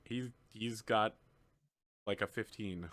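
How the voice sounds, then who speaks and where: A man narrating as game master of a tabletop game, relaxed and joking. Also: on the low side, slow pace, crowd noise.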